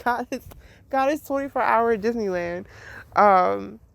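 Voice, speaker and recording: A woman's voice: on the high side, measured pace, gravelly, no room sound. A woman hosting a podcast, talking in a rambling, profane way about faith. She laughs often and says "like" constantly. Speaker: podcast host. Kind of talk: casual spiritual reflection.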